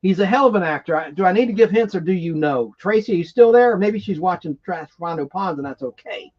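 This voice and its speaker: A man's voice: sits high, expressive, quick pace, muffled recording. A man hosting a live stream, chatting casually and enthusiastically, rambling from one aside to the next. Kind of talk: casual chat about classic TV monsters.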